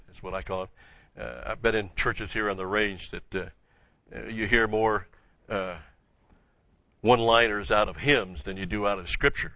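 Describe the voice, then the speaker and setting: A man teaching the Bible sermon-style, halting with many fillers and asking rhetorical questions. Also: lowish voice, bright, forceful tone, no echo. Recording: dull lo-fi recording.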